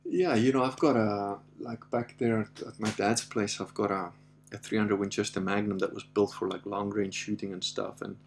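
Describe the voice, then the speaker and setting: A man's voice: lowish voice, normal speed, gravelly, slight background noise. A middle-aged man casually telling a story, acting out the voices of the people in it, laughing often and swearing now and then. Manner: animated, acts out voices in his anecdotes, laughs often, swears. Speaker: podcast host.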